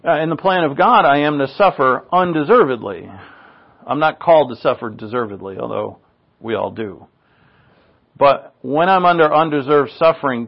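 A man preaching a sermon in an earnest manner, his pitch rising on rhetorical questions. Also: dull audio.

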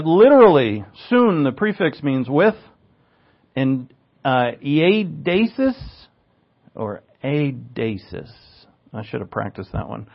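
A man preaching a conversational Bible lesson, his slightly high voice roughened with gravel. He breaks into asides and corrects himself, leaning hard on key words, and the recording sounds dull and lo-fi. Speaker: pastor teaching scripture. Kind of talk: conversational verse-by-verse sermon.

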